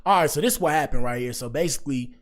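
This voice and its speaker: A man's voice: medium pitch, rapid-fire, background noise. Slangy man hosting a livestream. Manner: rambling, slangy, addresses chat often with "bro". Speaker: livestream commentary host. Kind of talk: casual livestream commentary.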